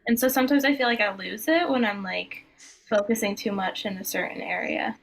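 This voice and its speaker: Hesitant woman singing student, mid-pitched, with faint background noise. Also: a little fast, vocal fry, a bit bright, poor audio. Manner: rambling, hesitant, many fillers. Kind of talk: asking questions in a lesson.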